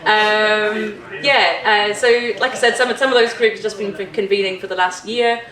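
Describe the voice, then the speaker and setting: A woman's voice: mid-range voice, steady tone, normal speed, a crowd in the background. A woman chairing a conference panel, chatty, with many ums and laughs. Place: conference room. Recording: echoey hall, distant mic.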